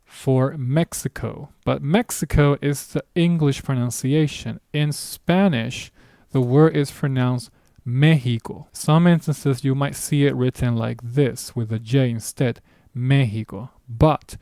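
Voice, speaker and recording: Mellow-voiced man teaching pronunciation. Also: mid-range voice, smooth, no room sound, studio quality. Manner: patient, explanatory, casual asides. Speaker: language teacher. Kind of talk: recorded online lesson.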